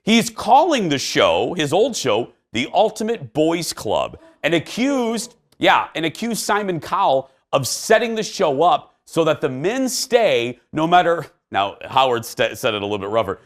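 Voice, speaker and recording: A man's voice: fairly high pitch, sing-song, unhurried, hardly any pauses. A middle-aged man from Indiana hosting a daytime talk show, chatting and telling a family story with lots of fillers and restarts. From Indiana, United States. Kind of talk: casual chat and storytelling.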